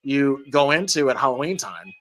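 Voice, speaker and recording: A host giving live movie commentary in relaxed, enthusiastic fan chat. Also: medium pitch, normal speed.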